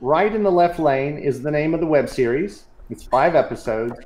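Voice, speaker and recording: A man talking as a guest in an interview, relaxed and plainspoken. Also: fairly high pitch, normal speed, a little hiss or hum, poor audio. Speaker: guest, series producer. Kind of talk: conversational interview.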